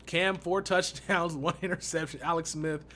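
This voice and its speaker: Young male gaming YouTuber from Texas, casual and exasperated, bright and slightly high-pitched. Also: steady tone, moderate pace. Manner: exasperated, slangy, laughs often. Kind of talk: casual gameplay commentary.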